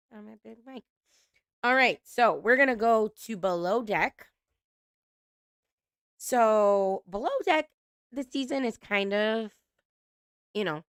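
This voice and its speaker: Slow-talking chatty woman host. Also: mid-range voice, no echo, studio quality. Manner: chatty, laughs often, swears casually. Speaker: reality TV recap host. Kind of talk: casual recap chat.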